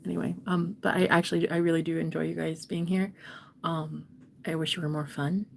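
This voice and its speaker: A young woman giving a casual tarot reading to her viewers, playful and talkative, swinging between loud bursts and soft whispered asides. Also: lowish voice, level tone, brisk, gravelly, background noise. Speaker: tarot reader and streamer.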